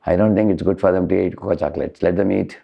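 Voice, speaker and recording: A man voicing a calm, reasoning father who sets limits for his children, in an Indian English accent. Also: sits low, fast talker, gravelly, full character voice. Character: calm, sensible father guiding his family.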